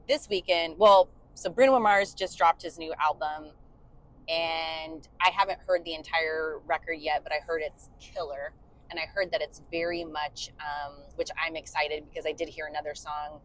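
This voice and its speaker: A woman's voice that sits low is heard on a rough recording as she co-hosts a podcast from a moving car. She's a bandleader and singer, chatting casually with many fillers and singing short demo bits.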